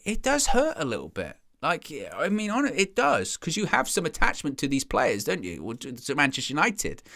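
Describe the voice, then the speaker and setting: A man's voice: medium pitch, pushed and bright. A man hosting a football fan stream, chatting casually and rambling, reading viewer comments and acting out imagined fans. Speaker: fan channel host.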